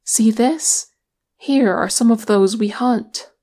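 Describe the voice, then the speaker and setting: Woman reading a soft-spoken proud elf man, unhurried. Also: medium pitch, steady tone, gravelly. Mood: calm. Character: proud male elf archer, calm.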